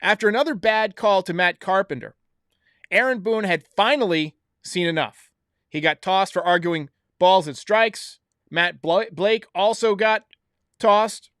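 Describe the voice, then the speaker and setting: A man's voice: high-pitched, measured pace, a bit bright, dry recording, clean studio sound. A man hosting a baseball recap show, giving blunt, opinionated commentary straight to his viewers. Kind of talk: solo sports recap commentary.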